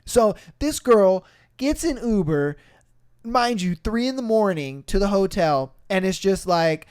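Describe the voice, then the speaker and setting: This podcast host is a young man with a high, clean-toned voice and an unhurried pace. Swearing a lot, he animatedly spins a story in casual conversation, performing each quoted voice.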